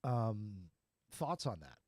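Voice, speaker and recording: A man's voice: fairly low pitch, sing-song, slow, warm tone, dry recording. A man hosting a podcast, talking in a casual, rambling way and laughing easily. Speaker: podcast host. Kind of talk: casual chat.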